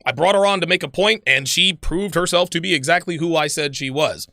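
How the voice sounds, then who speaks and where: A man's voice: on the high side, brisk, gravelly, bright, forceful tone, no echo, studio quality. A man hosting a livestream, ranting angrily and profanely and repeating himself. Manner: angry, profane, repetitive. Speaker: livestream host. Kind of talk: heated livestream rant.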